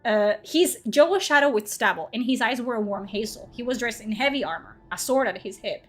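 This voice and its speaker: Woman streamer, slightly high voice, reads her own fiction and cracks sweary, self-mocking asides, faint music behind. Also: a little fast, a bit bright. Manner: swears freely, laughs at herself, chatty asides. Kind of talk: story reading with casual asides.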